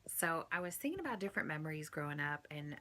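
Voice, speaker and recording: A young woman reflectively thanking her mother in a soft-spoken way. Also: deep voice, sing-song, fast talker, slight background noise. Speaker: daughter. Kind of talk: heartfelt thank-you message.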